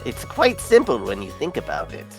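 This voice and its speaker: A formal courtroom judge read out by a player during a game session speaks in measured, deliberate lines. The pitch swings widely, and a faint game score plays underneath. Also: wildly swooping pitch, faint music behind. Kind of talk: reading game dialogue aloud.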